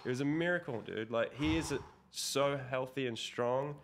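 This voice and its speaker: A little hiss or hum sits under this medium-pitched man's voice, which moves at a moderate pace. The young Australian, a pro BMX rider guesting in a casual interview, rambles through a story with loads of fillers and swearing.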